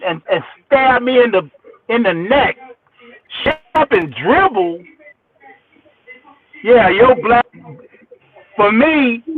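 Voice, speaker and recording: A man and working musician swaps road stories in a casual interview, animated and repeating himself as he builds each point. His voice sits high for a man. It reaches the listener thin and narrow, like a phone call. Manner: animated, repeats words, acts out quotes. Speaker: musician guest. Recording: tinny phone line.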